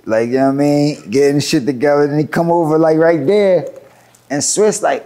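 A man with a fairly high voice spins a street story as an interview guest. He slips into the voices of the people in it and swears casually as he goes. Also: lively intonation, moderate pace, darkish tone. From Philadelphia. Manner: acts out quoted voices, laughing and cursing as he tells it. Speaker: rapper guest. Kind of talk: animated storytelling.

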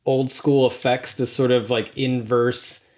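A woman co-hosting a podcast, talking through a trailer review in a relaxed, thoughtful way with hesitant pauses. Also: extremely low pitch. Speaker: podcast co-host. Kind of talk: casual film-trailer review chat.

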